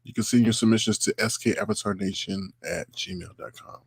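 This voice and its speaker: A man's voice: on the low side, fairly even intonation, fairly quick, creaky, husky, no room sound, studio quality. A man hosting a casual live online show, ranting and mocking the people he talks about, recorded on a computer mic. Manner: ranting, mocking impressions of others. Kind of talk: casual livestream commentary.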